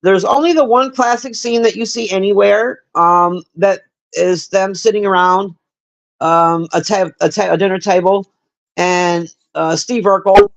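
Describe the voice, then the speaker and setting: A woman's voice: mid-range voice, fairly even intonation, unhurried. A woman giving a casual, rambling movie review on a livestream, blunt and profane, chatting with viewers in between. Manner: chats with live viewers.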